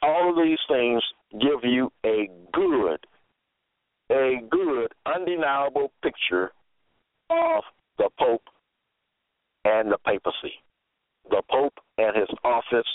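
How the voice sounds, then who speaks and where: A man expounds scripture at an unhurried, measured pace, citing verse after verse and restating each. His voice comes through thin and narrow like a phone line, with a dry, close sound and no room around it. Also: mid-range voice, huge pitch swings, no room sound. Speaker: scripture teacher. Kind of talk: slow, deliberate scripture exposition.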